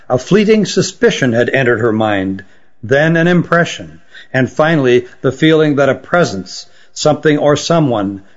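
Guy reading a fantasy story, steady and even, kinda muffled audio. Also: on the high side. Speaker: audiobook narrator. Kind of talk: scripted narration. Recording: dull lo-fi recording.

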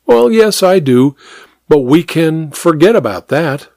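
A man voicing a genial, easygoing gentleman who reassures his friend in a breezy, upbeat way. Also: on the high side, big pitch swings, a little slow, vocal fry, no room sound, studio quality, pitched above the performer's own voice, exaggerated voice.

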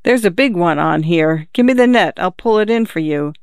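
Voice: medium pitch, animated, moderate pace, smooth, no echo, studio quality, lightly acted. Reader voicing a fed-up young father. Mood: sheepish. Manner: plain-spoken, exasperated. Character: frustrated young father, a displaced man. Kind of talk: audiobook character voice.

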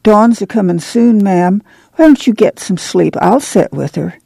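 A man's voice: high-pitched, lively intonation, a little slow, vocal fry, mellow, breathy edge, dry recording, heavily acted. A man doing a kindly stout farm woman. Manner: homespun rural speech.

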